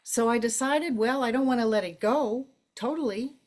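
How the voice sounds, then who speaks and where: An older woman who narrates audiobooks, telling her stories in a relaxed conversational way, laughing often and jumping high in pitch for emphasis. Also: normal speed. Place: library event, interview setting.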